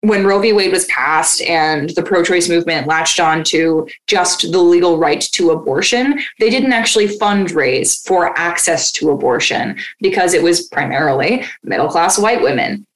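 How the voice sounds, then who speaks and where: A woman's voice: lowish voice, moderate pace, few pauses, poor audio. Passionate, swearing woman co-host. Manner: passionate, profane, laughing. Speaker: podcast co-host. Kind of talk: casual political discussion.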